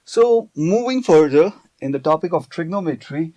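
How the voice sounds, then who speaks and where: A man's voice: on the high side, expressive, normal speed, mellow. A man teaching a math lesson on video, explaining step by step and often checking in with "okay".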